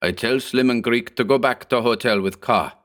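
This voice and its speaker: A man's voice: mid-range voice, normal speed, fairly bright tone, voice pushed up, close to an everyday voice. A man voicing a big, superstitious gangland thug who talks in broken English and pleads with his boss. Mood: pleading. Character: hulking hog-necked male thug, fearful.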